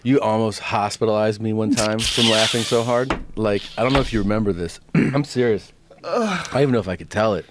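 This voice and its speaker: Low-voiced man over loud noise. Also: a little fast. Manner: reacting with laughter, then recounting a story. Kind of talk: casual chat.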